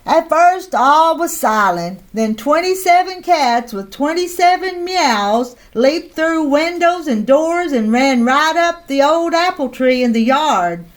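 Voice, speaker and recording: Storyteller, woman, high voice, slow and expressive read-aloud for kids. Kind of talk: reading a picture book aloud.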